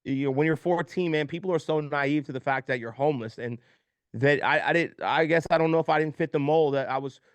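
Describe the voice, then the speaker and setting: A man's voice: fairly high pitch, brisk, smooth, no room sound. A man in his thirties, a podcast guest, telling his life story openly and with emotion, often repeating words as he talks and swearing casually.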